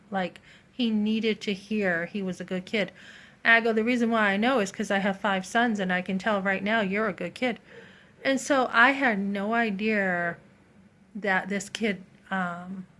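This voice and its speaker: A middle-aged woman vlogs straight to her viewers in an earnest, indignant tone. She leans hard on the words she wants to stress and keeps breaking into quoted thoughts of her own. Her voice sits at an ordinary pitch for a woman. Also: a bit bright. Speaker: vlogger. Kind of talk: casual storytelling to camera.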